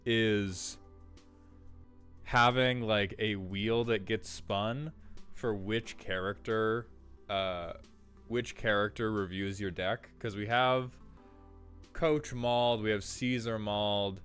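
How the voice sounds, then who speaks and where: A male streamer chats with his live audience in an upbeat, casual way, greeting viewers one by one. His voice sits fairly low and sounds smooth and clear, with soft music playing faintly behind him. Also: fairly even intonation, takes it slowly, long pauses.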